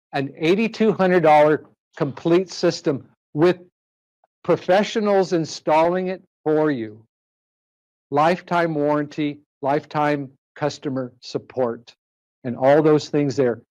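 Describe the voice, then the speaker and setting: A man giving a persuasive live sales pitch to an audience in a presentation room, firing rhetorical questions at the crowd. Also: a little mellow.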